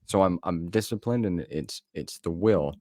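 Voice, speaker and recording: A podcast co-host with a very deep, low-pitched voice. He talks in an earnest, rambling way. The recording is close, with no room sound. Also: normal speed, warm tone, dry recording. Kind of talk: casual chat.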